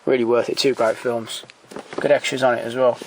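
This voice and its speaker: A man speaks at an everyday middle pitch, thinking aloud as he goes, with frequent ums and restarts. He is off-the-cuff and keen, recorded at home beside a shelf. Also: flat delivery, fairly quick, noisy background. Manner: hesitant, many ums and restarts, enthusiastic recommendations. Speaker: collector showing DVDs. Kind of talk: casual off-the-cuff commentary.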